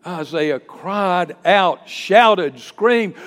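A man preaching a sermon in a church, swinging from hushed, low passages to loud, emphatic outbursts. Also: lively intonation, measured pace, slightly rough. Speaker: pastor. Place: church sanctuary. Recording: long reverb of a large hall.

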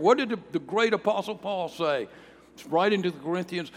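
A pastor preaching a sermon, emphatic, with swings in volume and pitch. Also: male voice, normal speed, darkish tone. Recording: long reverb of a large hall.

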